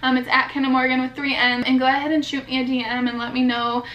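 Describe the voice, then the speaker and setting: Earnest high-voiced woman vlogging at home. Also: little pitch movement, fast talker, muffled recording. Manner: earnest, heartfelt, filler-heavy talk. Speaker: vlogger and new mother. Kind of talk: personal vlog to camera. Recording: echoey room.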